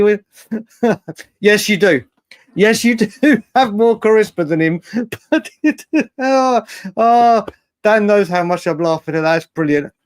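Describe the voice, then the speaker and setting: Young man, casual stream host, slightly high voice, dry close sound, banters with chat and laughs a lot. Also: no echo. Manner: chatty, banters with viewers by name, laughs often. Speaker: livestream host.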